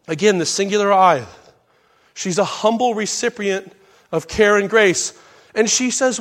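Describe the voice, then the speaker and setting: A man's voice: high-pitched, measured pace, fairly bright tone. A man preaching a sermon, reading scripture aloud and stopping to correct himself and explain the words. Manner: reads scripture aloud in King James wording, with asides and self-corrections. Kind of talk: sermon, Bible study.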